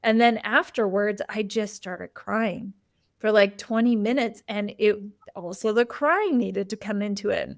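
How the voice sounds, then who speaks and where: Woman, host, candid conversational storytelling, mid-range pitch, dry close sound. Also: measured pace, no echo. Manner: open, personal, frequent "like" and "you know" fillers.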